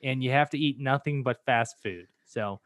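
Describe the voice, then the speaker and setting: A man's voice: medium pitch, moderate pace, a bit bright, dry recording, clean studio sound. A man hosting a casual podcast, joking and rambling with lots of fillers. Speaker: podcast host.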